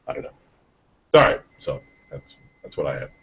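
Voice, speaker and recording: A man's voice: moderate pace, a bit bright. A man hosting a podcast in casual chat, loose and rambling as he reads out listener emails. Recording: dull lo-fi podcast audio.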